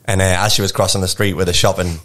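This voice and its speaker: A man's voice: deep voice, steady tone, racing, fairly bright tone. A man with a North East English accent co-hosting a podcast, telling a long rambling anecdote and laughing often. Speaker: podcast co-host. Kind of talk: casual storytelling.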